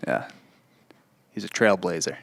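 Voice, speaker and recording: A man's voice: sits low, lively intonation, a little slow, creaky, fairly bright tone. A man on a comedy podcast, recounting history in a laid-back, casual way with fillers. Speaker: podcast host presenting the history. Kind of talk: casual storytelling chat.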